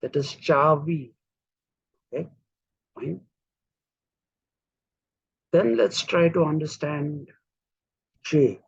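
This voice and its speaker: A man from India lecturing a class in a slow, deliberate way, spelling words out letter by letter. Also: fairly high pitch, expressive, vocal fry, darkish tone, husky, dry recording, dull audio.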